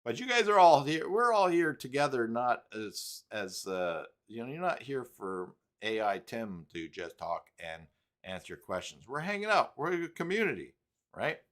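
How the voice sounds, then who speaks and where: A man's voice: mid-range voice, sing-song, moderate pace, fairly bright tone. A man hosting a casual live stream, rambling and reading chat messages aloud.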